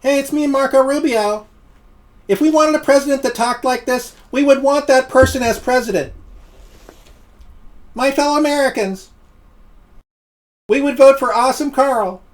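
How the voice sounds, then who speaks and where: A man putting on a high, cartoonish voice to mock a male politician, speaking in halting, squeaky phrases. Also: low-quality recording. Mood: mock-earnest.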